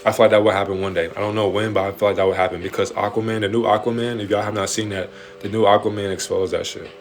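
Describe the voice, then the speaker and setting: Low-voiced man preaching on a late-night livestream. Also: a little hiss or hum. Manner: preachy and animated, with slangy street talk and swearing. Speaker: livestream host answering viewer questions. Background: faint music playing in the background.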